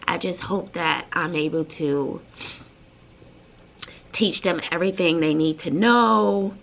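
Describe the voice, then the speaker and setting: Bubbly Brooklyn-raised teacher, bright and gravelly. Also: female voice, on the low side, a little hiss or hum. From Brooklyn, New York. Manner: bubbly and emotional, with many fillers. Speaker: middle school teacher. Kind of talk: casual vlog talk.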